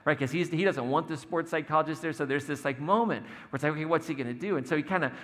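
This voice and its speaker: A man's voice: a little high, fast. A man preaching a conversational sermon as pastor, retelling a story in a casual, storytelling way. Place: church sanctuary. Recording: long hall reverb, soft music behind.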